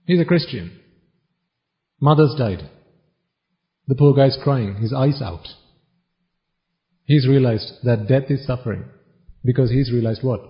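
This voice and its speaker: A man giving a Buddhist sermon, teasing his listeners with one question after another in a wry tone. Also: mid-range voice. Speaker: Buddhist preacher. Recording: dull lo-fi recording.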